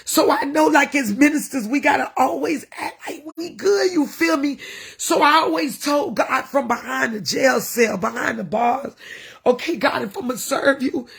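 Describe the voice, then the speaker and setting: A woman's voice: high voice, expressive, moderate pace, creaky. A woman minister talking casually to her followers, passionate and preachy, emotional at times. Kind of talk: casual livestream talk.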